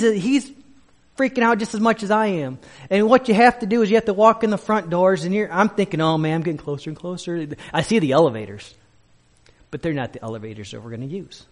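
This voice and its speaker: High-voiced man preaching a story. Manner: storytelling with animated quoted voices, repeats and restarts. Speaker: pastor. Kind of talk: sermon with personal story.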